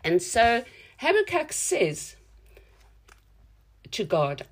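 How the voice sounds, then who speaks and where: Woman preacher, slow earnest sermon, reflective, mid pitch. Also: lively intonation.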